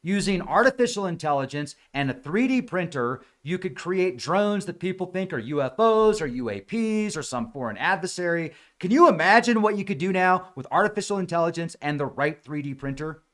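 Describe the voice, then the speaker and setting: A man hosting a podcast in a casual, rambling monologue, sarcastic and prone to mimicking gullible people, talking with a dry mouth at high altitude in the mountains. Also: expressive, brisk, few pauses, fairly bright tone. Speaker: podcast host.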